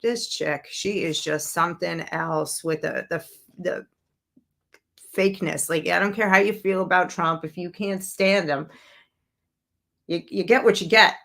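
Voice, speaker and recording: A woman's voice: lowish voice, fairly even intonation, a little slow, creaky, a bit bright. A woman from Brooklyn hosting a political commentary show, blunt and sarcastic in a conversational way. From Brooklyn, New York, USA. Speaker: host.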